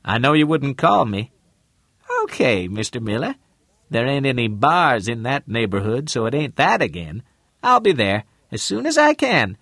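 A man voicing a brisk, plainspoken woman realtor in an audiobook, chatty and folksy. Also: mid-range voice, very animated, fairly bright tone, no echo, clean studio sound, pitched above the performer's own voice. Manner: chatty, folksy, drops into slang. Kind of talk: audiobook character reading.

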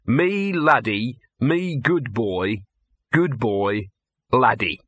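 A man's voice: medium pitch, expressive, very slow, a bit bright, breathy edge, no echo, exaggerated voice. A man voicing a cynical, bow-legged male talking dog with a sardonic, smug manner. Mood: scornful.

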